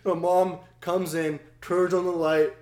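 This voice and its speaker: A young man with a slightly high voice tells a family story on a podcast, laughing often and acting out the people in it. The room around him is echoey and roomy. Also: measured pace. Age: young adult. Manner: laughing, animated storytelling with acted-out quotes. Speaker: podcast guest. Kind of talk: casual storytelling.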